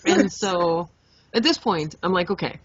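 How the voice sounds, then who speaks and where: A young adult woman co-hosting a podcast, telling a story in a lively, animated way, swearing freely and acting out her own reactions. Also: fairly low pitch, a little slow, slightly rough, dry recording. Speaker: podcast co-host. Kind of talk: casual storytelling chat. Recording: dull lo-fi podcast mic.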